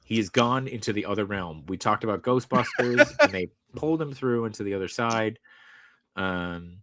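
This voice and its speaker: A man's voice: lowish voice, animated, normal speed, fairly bright tone, a little hiss or hum. A man hosting a casual show, upbeat and jokey, reading viewer comments aloud. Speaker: podcast host. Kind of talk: casual chat.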